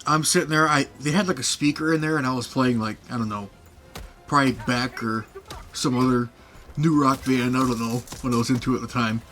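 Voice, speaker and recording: A man's voice: medium pitch, fairly even intonation, fairly quick, fairly bright tone, soft background music. A young man casually telling funny stories from his past, rambling with fillers and laughing often. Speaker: podcast host. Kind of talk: casual storytelling chat.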